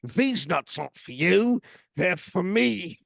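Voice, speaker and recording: This is a brash working-class Cockney bloke, put on by a man as a parody. The accent is laid on thick, the voice is raised high above his normal register, and each word is stretched out slowly and loudly. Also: animated, creaky, dry recording, studio quality, full character voice. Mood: mocking. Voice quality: exaggerated parody accent, loud and drawn out.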